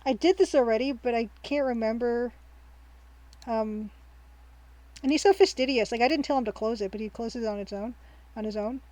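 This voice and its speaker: A woman's voice: fairly high pitch, normal speed, long pauses, darkish tone, no room sound, low-quality recording. Chatty woman narrating her gameplay. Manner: chatty and rambling, thinks aloud with frequent ums; cheerful, laughs easily. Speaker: streamer. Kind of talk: casual let's-play commentary.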